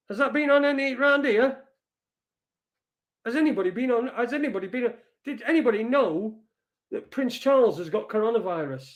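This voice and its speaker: A man talks in a high, lifted voice, reading headlines and riffing on them as he goes. His chat is loose and rambling, full of swearing and restarts, like a host musing live to his viewers. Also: expressive, moderate pace. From Britain. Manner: rambling, swears often, reads headlines aloud. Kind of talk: casual live news commentary.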